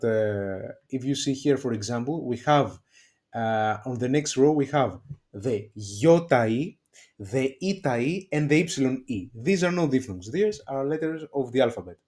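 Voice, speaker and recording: A man with a Greek accent teaching a beginner language lesson, talking slowly and checking in with "okay?" and frequent fillers. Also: medium pitch, a little mellow.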